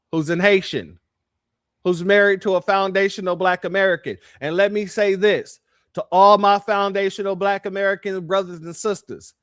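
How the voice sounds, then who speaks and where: A male host delivers reaction commentary in a noticeably high voice, hammering his points through repetition and speaking straight to his audience as family. The sound is dry and close. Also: fairly even intonation, moderate pace, a bit bright, clear, resonant tone, dry recording. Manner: emphatic, repeats phrases, addresses viewers as family.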